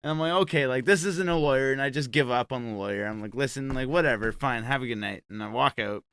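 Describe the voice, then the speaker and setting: A man, telling a long story on a podcast in a casual, profane, animated way, acting out what others said. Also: medium pitch, slight background noise. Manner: profane, animated, quick retelling with acted quotes.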